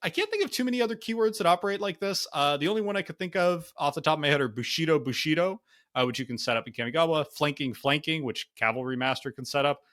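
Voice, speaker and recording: A man's voice: a little high, racing, hardly any pauses, a bit bright. A man co-hosting a casual card game review podcast, thinking aloud with lots of fillers. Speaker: podcast co-host.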